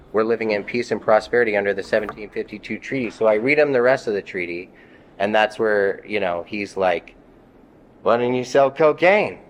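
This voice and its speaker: A man's voice: on the low side, slight background noise. Heated, swearing man telling his story. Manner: profane, heated, quotes others in his telling. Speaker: interviewee recounting an arrest. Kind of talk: casual storytelling.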